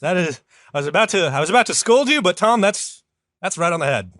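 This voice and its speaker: A man hosting a comedy podcast, telling a story in a rambling, casual way with lots of fillers, and jumping up in pitch when he quotes someone. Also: lively intonation, fast talker, fairly bright tone, no echo, studio quality. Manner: rambling, many fillers, jumps high for quoted voices.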